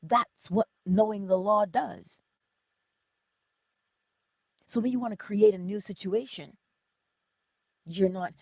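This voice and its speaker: A woman's voice: medium pitch, slow, long pauses, a little mellow, husky, no echo. A woman giving an inspirational morning teaching in a preacherly, conversational way, full of rhetorical questions. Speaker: spiritual teacher.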